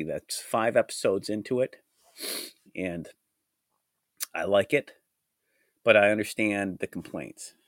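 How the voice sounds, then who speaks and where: A man hosting a solo podcast with a groggy, hoarse voice from a cold, talking in a rambling, reflective way. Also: fairly low pitch, dry recording, studio quality. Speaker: podcast host. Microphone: studio mic.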